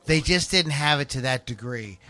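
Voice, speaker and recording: A man's voice: mid-range voice, lively intonation, normal speed, a crowd in the background. A man with a subtle Pittsburgh accent, hosting a podcast and chatting in a rambling, casual way. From Pittsburgh area, USA. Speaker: podcast host. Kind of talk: casual chat.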